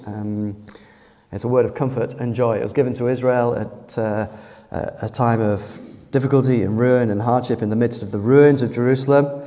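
A man preaching a sermon in an earnest way, slightly hoarse after losing his voice, pausing often with fillers. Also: medium pitch, steady tone, dark tone, big-room sound.

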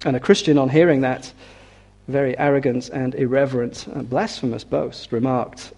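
A man preaching a sermon, reading scripture slowly and building to forceful, emphatic declarations. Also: medium pitch, fairly even intonation, gravelly. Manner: reads scripture aloud with slow weight.

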